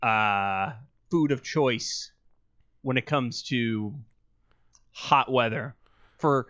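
Bright-voiced man, deadpan podcast jokes. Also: mid-range voice, drawn-out words, no room sound, dull audio. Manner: dry, deadpan humor. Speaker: podcast co-host. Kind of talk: casual chat.

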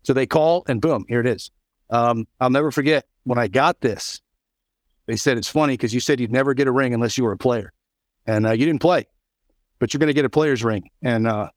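A middle-aged man talks quickly as a video-call guest, acting out each bit of dialogue in his story. The sound is dry and close, with no room around it. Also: medium pitch, no echo. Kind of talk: storytelling in an interview.

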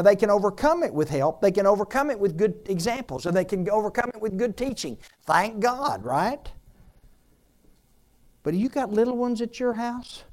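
A male pastor delivers a sermon, his pitch rising and falling freely as he speaks. He leans on rhetorical questions and moves between loud, pressing appeals and soft, confiding asides.

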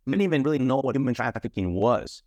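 A man's voice: mid-range voice, lively intonation, quick pace, a little mellow, dry recording. A man with a mid-range voice tells his stories as an interview guest, pressing his points hard and often circling back over his own words. The sound is dry and close, with no room around it. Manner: emphatic storyteller, repeats words and restarts. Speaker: guest, former trafficking investigator. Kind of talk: interview conversation.

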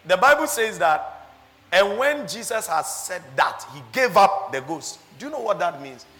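Animated preaching man in a reverberant hall. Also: sits high, moderate pace. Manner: animated preaching with laughs and rhetorical questions. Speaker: pastor. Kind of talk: sermon.

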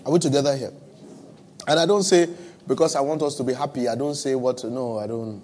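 A man's voice: mid-range voice, fairly quick, a little mellow, slight background noise. Man preaching a sermon with a West African accent. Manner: conversational storytelling with humor, repeats phrases. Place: church with live and online audience.

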